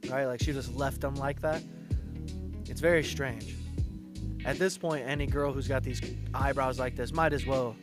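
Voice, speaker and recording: A man's voice: medium pitch, fairly even intonation, moderate pace, pauses often, over music. A man giving blunt, scornful reaction commentary with crude language.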